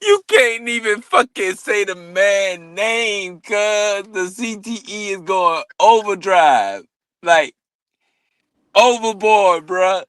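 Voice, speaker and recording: A man's voice: high voice, animated, slow, a bit bright, clear, resonant tone, no room sound. A man in casual, profane boxing banter, often breaking into laughter. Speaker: co-host.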